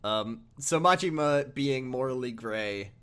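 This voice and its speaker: A man's voice: unhurried, smooth. A man co-hosting a casual podcast, recapping a game with jokes and frequent laughter. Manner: laughs often, jokey recaps with sudden high excited bursts. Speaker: podcast co-host. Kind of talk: casual chat.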